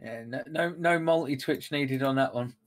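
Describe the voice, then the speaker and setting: A man's voice: mid-range voice, moderate pace. A man chatting casually over an online poker game, teasing the others and laughing often. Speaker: poker player.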